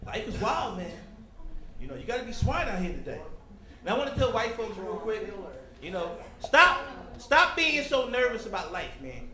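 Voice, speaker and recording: Male stand-up comic, very high voice, bright and sharp tone, animated, echoey club room. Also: moderate pace. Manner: animated, slips into loud character voices; talks directly to the crowd. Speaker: stand-up comedian. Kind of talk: stand-up comedy set. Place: comedy club stage.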